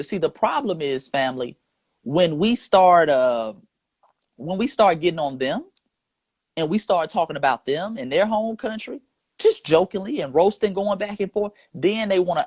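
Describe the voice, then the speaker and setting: A man's voice: high voice, expressive, normal speed, darkish tone, dry recording. A man hosting a live stream, talking in an emphatic, repetitive and rhetorical way. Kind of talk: casual live stream talk.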